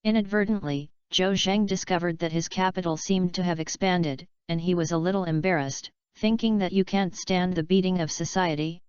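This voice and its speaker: A woman narrating a novel audiobook in an even, unhurried reading voice. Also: lowish voice, smooth, no echo. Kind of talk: scripted narration. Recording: dull lo-fi dry recording.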